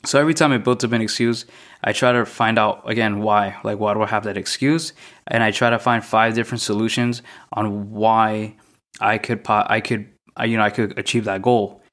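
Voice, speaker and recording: A young man hosting a solo podcast, talking through his thoughts in a mostly monotone, reflective way, often repeating questions. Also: on the low side, moderate pace. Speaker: podcast host.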